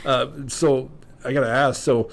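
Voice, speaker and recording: A male podcast host speaks in a middle-pitched voice, talking bluntly and loosely with his guest and cursing casually as he goes. Faint noise sits beneath his voice. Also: flat delivery, a little slow, vocal fry. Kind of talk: casual chat.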